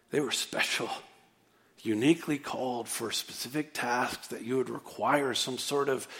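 A man preaching a sermon, animated, rising to emphatic near-shouts and dropping low and soft for contrast. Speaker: pastor.

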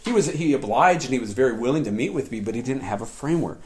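A man preaching a sermon in a lively storytelling way, often laughing as he tells personal stories. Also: mid-range voice, quick pace. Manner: animated, laughs often while telling stories. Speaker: pastor.

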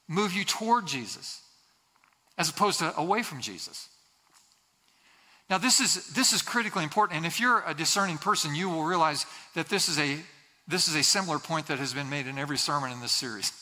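High bright-voiced man preaching in a hall. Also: lively intonation, fairly quick. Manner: earnest, repeats phrases for emphasis, acts out quoted voices. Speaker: pastor. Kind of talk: sermon. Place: church sanctuary. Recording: long hall reverb.

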